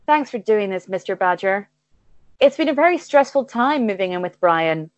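A woman's voice: mid-range voice, expressive, moderate pace, no echo, highs cut off, natural voice. A woman voicing a chirpy, stressed young female squirrel in a comedy improv game.

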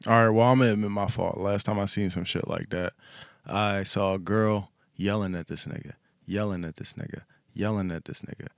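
A man's voice: lowish voice, no echo, studio quality. A man telling a story casually on a podcast, emphatic and repetitive.

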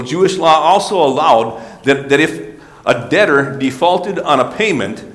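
A man's voice: medium pitch, fairly bright tone. A man preaching a sermon, earnestly explaining scripture with small restarts. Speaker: pastor. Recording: roomy hall with long reverb.

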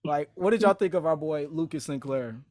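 A young man tells a loose, slang-heavy story, stacking "like" and "you know" between phrases. His voice sits a bit high. The sound is close and dry. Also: a little fast, darkish tone, no echo. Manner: slangy, rambling storytelling with many fillers. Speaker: podcast host, aspiring actor. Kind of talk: casual chat.

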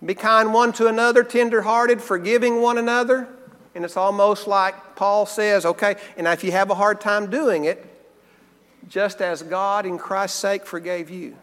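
A man preaching a sermon, earnest, slowing down and repeating key phrases for emphasis. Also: high voice, steady tone, fairly bright tone, in a large hall.

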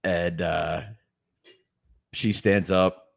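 A man in his forties with a lowish voice recorded dry and close. He tells crude, rambling stories as a podcast host, swearing constantly and often breaking into laughs. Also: level tone, extremely slow, vocal fry, no echo. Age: 40s. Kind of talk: crude casual storytelling.

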